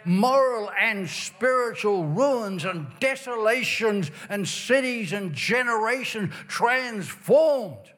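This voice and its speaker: A man's voice: sits high, animated, slow, few pauses, a bit bright. A man preaching a sermon at a revival meeting, reading scripture aloud and drawing out key words for emphasis. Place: church during revival meeting.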